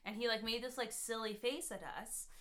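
Bright-voiced American woman telling a story. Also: a little high, steady tone, brisk. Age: 20s. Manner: rambling, heavy "like" fillers, swears freely. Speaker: podcast host. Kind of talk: casual storytelling chat.

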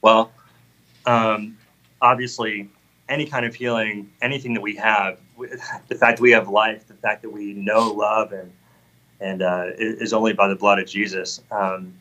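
A man's voice: fairly low pitch, flat delivery, moderate pace, pushed and bright, lo-fi sound. A man in his thirties telling an earnest, heartfelt personal faith testimony in conversation. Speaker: guest sharing a testimony.

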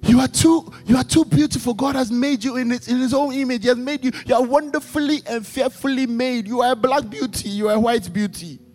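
A man's voice: very high-pitched, brisk, few pauses, a little mellow. A man preaching a sermon at a church service, emphatic and repetitive, calling out questions to the congregation. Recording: long hall reverb with faint music.

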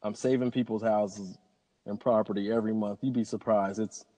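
A man tells rambling stories in a relaxed interview, upbeat and positive throughout. His voice sits on the lower side, and a long hall reverb trails after his words. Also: moderate pace. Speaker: pilot and interview guest. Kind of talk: casual interview conversation.

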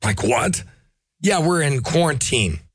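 A middle-aged man hosting a podcast, chatting casually and ranting in an animated, profane way. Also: a little high, unhurried, no echo. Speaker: podcast host. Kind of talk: casual opinionated chat.

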